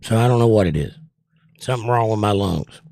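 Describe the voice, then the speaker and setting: A man with a gravelly, creaky voice hosts a relaxed livestream chat, reading out comments and joking along. He sounds strained and winded as he talks. The sound is close and dry, with no room around it. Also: on the low side, fairly quick, no room sound. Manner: reads viewer comments aloud and jokes back. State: short of breath, voice strained. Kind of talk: casual chat.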